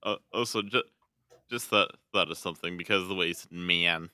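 A man's voice: low-pitched, fast talker, sharp tone. A man with a Midwestern American accent, chatting on a podcast with teasing, joking banter. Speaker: podcast co-host. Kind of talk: casual chat.

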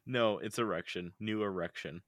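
A man's voice: fairly low pitch, moderate pace, no room sound, studio quality. A man co-hosting a casual podcast, reading out a list and often laughing and swearing. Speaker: podcast co-host.

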